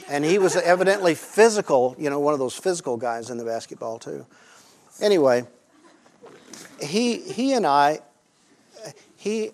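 A man's voice: medium pitch, darkish tone. Man telling a sermon story. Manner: halting, conversational, with many pauses and fillers. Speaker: Christian teacher speaking to a group.

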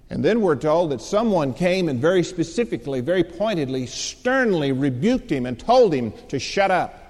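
A man's voice: sits high, lively intonation, normal speed, few pauses, a little mellow. A man preaching a sermon, telling a story dramatically and acting out the voices of its people. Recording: long hall reverb.

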